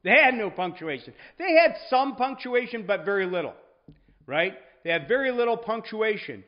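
High-voiced man teaching Bible class. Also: big pitch swings, moderate pace, highs cut off. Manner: conversational, checks in with "right?". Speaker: Sunday school teacher.

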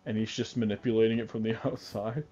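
A man's voice: on the low side, flat delivery, fast, warm tone, muffled recording, slight background noise. A young man casually chatting while playing a game with a friend, rambling, repeating words and swearing lightly. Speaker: gamer co-player. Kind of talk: casual gaming chat.

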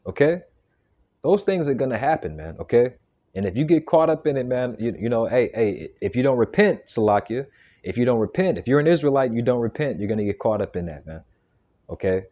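This preacher's voice is warm and fairly low as he delivers an informal sermon with emphasis. His speech is full of stammered restarts and repeated words, with "man" and "okay" tacked onto almost every phrase.

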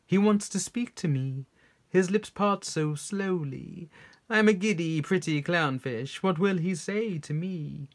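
A man voicing a vain, giddy little female clownfish in a children's poem, speaking in a high, preening voice. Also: measured pace.

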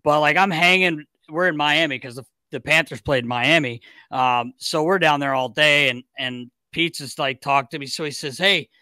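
Male podcast host, lively yarn-spinner, slightly high and bright. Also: moderate pace, hardly any pauses, dry recording, clean studio sound. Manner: animated storyteller, many restarts and swearing. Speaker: podcast host and former hockey player. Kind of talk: casual podcast storytelling.

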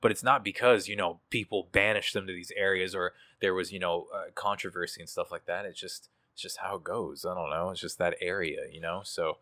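A man's voice: low voice, fairly even intonation, a little fast, few pauses, sharp tone, no echo, clean studio sound. A young man telling a story as an interview guest, casual and profane, with many fillers. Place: indoor room.

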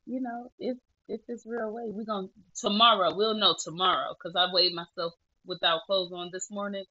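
A woman's voice: medium pitch, steady tone, normal speed, pushed and bright, muffled recording. A woman vlogging casually, chatty and self-mocking, laughing and tearing up as she talks. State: tearful at times. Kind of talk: casual selfie vlog.

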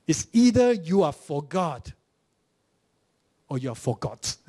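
A man's voice: fairly high pitch, sing-song, takes it slowly, dark tone. A man with a Malaysian English accent preaching a sermon in church, telling stories and acting out mocking voices before a direct challenge. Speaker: pastor.

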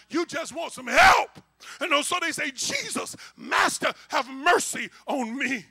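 A male pastor delivering a call-and-response sermon in church, his very high voice bright and gravelly. He moves from quiet asides to full shouts and keeps talking to the congregation in a loose, informal way. The tone stays sharp and cutting throughout.

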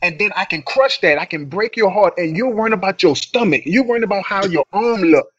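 A man's voice: high-pitched, lively intonation, brisk, fairly bright tone, slightly rough. A man co-hosting a podcast in casual chat, speaking in an earnest, emphatic way. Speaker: podcast co-host. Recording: dull, dry lo-fi audio.

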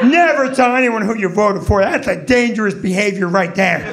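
A man doing a stand-up comedy set in a comedy club, shouting his punchlines in a loud, punchy voice. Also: high voice, moderate pace, crowd noise.

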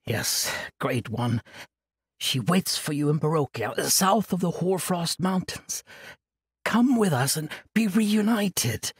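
An earnest young man who begs and reasons, as a man puts him on. His voice is raised and breathy, and it rises and falls a lot. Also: fairly high pitch, sing-song, moderate pace, no room sound, studio quality, voice pushed up, heavily acted. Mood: pleading. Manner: earnest, pleading. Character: earnest young male companion, pleading.

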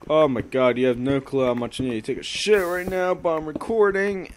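A young man giving crude, joking commentary while playing a game, swinging from muttered asides to sudden yells. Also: on the high side, fairly even intonation, a little fast, few pauses, a little hiss or hum. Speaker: gaming video creator.

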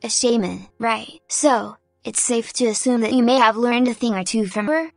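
A woman's voice: fairly high pitch, normal speed, creaky, dry recording, clean studio sound, faint music behind. A woman voicing a no-nonsense adventurer mare. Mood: businesslike. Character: practical, confident adventurer mare.

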